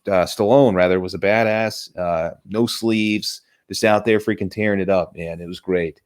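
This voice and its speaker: A man's voice: sits low, fairly even intonation, normal speed. A man hosting a casual movie review chat, enthusiastic and rambling, often restarting his sentences.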